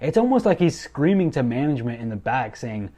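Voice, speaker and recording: A young man excitedly recapping a wrestling show, gushing and repeating himself as he goes. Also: mid-range voice, a little fast. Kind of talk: enthusiastic recap commentary.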